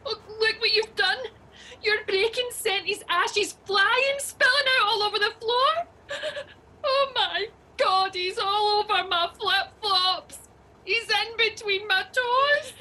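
A woman's voice: high-pitched, moderate pace, fairly bright tone, breathy edge. An actress with a Scottish accent playing a flustered, tearful and snappish woman passenger in an audio drama. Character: frazzled woman passenger, nervy and defensive.

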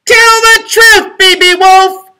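A man voicing an angry little pig in a storybook reading, shrill and squeaky. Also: steady tone, takes it slowly, sharp tone, full character voice.

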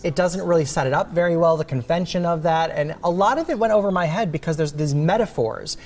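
A man gives quick movie verdicts as a TV guest. He talks in a playful, animated way with strong opinions. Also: a little high. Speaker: film critic guest. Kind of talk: chatty TV movie review.

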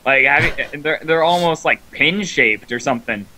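A man co-playing a comedy game with a friend, excitable and quick to yell and laugh. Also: a little high, a little hiss or hum, low-quality recording. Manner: excitable, prone to yelling and laughing. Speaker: co-player. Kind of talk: comedic gameplay chat.

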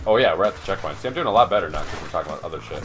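A man's voice: sits low, animated, rapid-fire, a bit bright, faint music behind. A young man hosting a let's play, rambling in casual gaming chat with many restarts and curses. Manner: rambling, lots of restarts and swearing.

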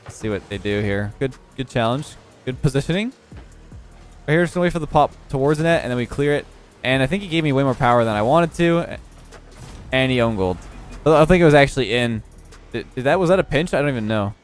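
A man's voice: mid-range voice, fast talker, soft background music. Sleepy man commentating his gameplay. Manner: relaxed, analytical, repeatedly yawning. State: sleepy, just woke up. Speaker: gaming YouTuber commentating his own match.

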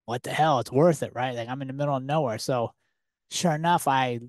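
A man hosting a podcast, telling a personal story in a lively, conversational way full of rhetorical questions. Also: mid-range voice, a little fast, no room sound, studio quality. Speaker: podcast host. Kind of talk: casual storytelling monologue.

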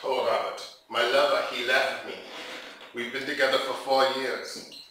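A man's voice: high voice, normal speed, background noise, natural voice. A man voicing a sad, heartbroken tall young man with a whiny, plaintive tone. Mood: pleading. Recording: very echoey room, mic far off.

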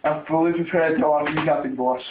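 A man's voice: a little high, fairly even intonation, fast, reverberant, phone-quality sound, background noise, voice pushed down, close to an everyday voice. A man voicing a dim, eager young male roommate in a comedy skit. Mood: dopey eager.

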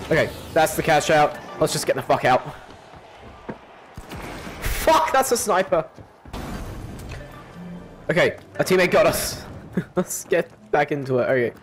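A man commentating his own gameplay, excitable, swearing, yelping and laughing. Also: medium pitch. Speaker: gaming channel host.

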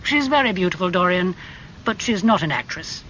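A man reading aloud, voicing a witty aristocratic gentleman who speaks coolly and cynically in a storybook. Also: high voice, expressive, fairly quick. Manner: cool, amused, clever delivery. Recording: slightly muffled with faint hum.

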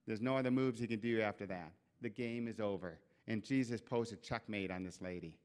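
A man preaching a church sermon, telling a scripture story with lively acted-out voices and asides. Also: fairly low pitch, fairly quick, clean tone. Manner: animated storytelling, acts out quoted voices. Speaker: pastor. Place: church sanctuary.

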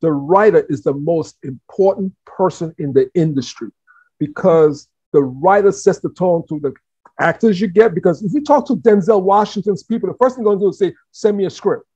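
A man from the Caribbean hosting an interview, animated and talkative, often repeating words as he thinks. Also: high-pitched, fairly quick, slightly rough, no echo. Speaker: host. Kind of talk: casual interview chat. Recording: dull, dry lo-fi sound.

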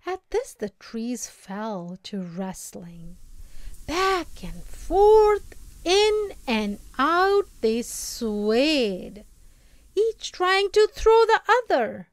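A woman reading a folk tale aloud as storybook narration, slow and expressive. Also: sits high, dry recording. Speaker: reader.

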